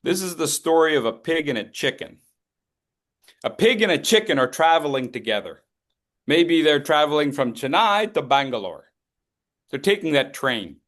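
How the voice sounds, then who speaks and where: A man's voice: on the high side, expressive, moderate pace, fairly bright tone. Emphatic man giving a motivational talk. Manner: emphatic, repeats key phrases, rhetorical questions. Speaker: education session speaker.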